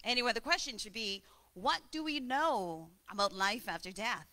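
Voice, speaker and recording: A woman preaching a sermon, telling stories and demonstrating slow breaths. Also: medium pitch, lively intonation, bright, forceful tone.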